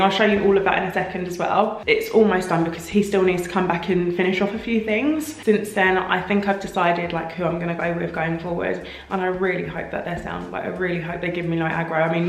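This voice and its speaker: A woman vlogging casually about her house renovation, talking frankly and in a rambling way, a little croaky from tiredness, filmed on a handheld phone camera. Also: fairly low pitch. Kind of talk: casual vlog chat. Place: empty house under renovation. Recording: echoey empty room, faint noise.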